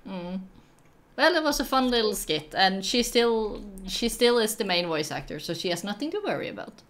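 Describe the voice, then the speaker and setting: A woman's voice: mid-range voice, big pitch swings, normal speed. A young woman whose first language is Norwegian, hosting a casual live-stream chat, playful and giggly, with many fillers and restarts. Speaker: stream host.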